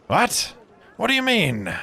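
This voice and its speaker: A man's voice: sing-song, unhurried, fairly bright tone, full character voice. A man voicing a jovial, hearty male brewer who greets an old friend effusively. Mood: warm hearty. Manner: booming, effusive.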